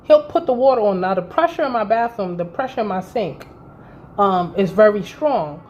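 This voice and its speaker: A woman in her thirties vents to her vlog audience in a candid storytime, recounting a personal story in a blunt, profane, exasperated way. Her mid-range voice is animated and a little mellow, at normal speed. The recording sounds dull and lo-fi, with faint noise.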